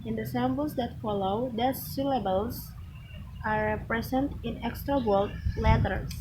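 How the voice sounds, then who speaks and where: A woman reads a pronunciation lesson from a textbook at a very slow, careful pace, restarting words when she trips. Her voice sits a little high. Steady noise runs under the recording. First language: Malay. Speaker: student reading a pronunciation lesson. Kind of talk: reading a textbook aloud.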